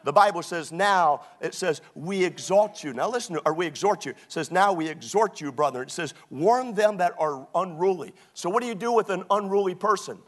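Male pastor, sermon, high voice with big pitch swings, mocking asides. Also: brisk, few pauses. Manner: animated, mocking, preaching with quoted put-on voices.

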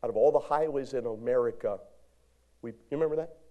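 A male pastor preaching a sermon in a church, animated, moving from shouts to hushed lines and calling out to the congregation. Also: mid-range voice, fast, lo-fi sound. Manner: call-and-response exhortation to congregation. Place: church sanctuary.

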